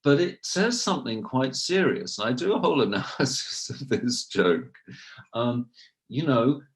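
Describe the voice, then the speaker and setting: A man's voice: mid-range voice, lively intonation, normal speed. A man, a university researcher, speaking as a podcast guest and telling stories with many asides and restarts. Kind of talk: casual interview, storytelling.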